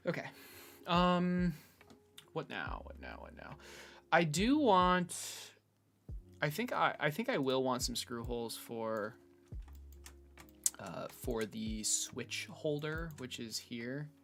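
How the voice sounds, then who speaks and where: A man thinking out loud in a casual screen-recorded build log, hesitant with many fillers and restarts, from his room at home. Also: on the high side, animated, slow pace. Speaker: hobbyist robot builder. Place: bedroom at home.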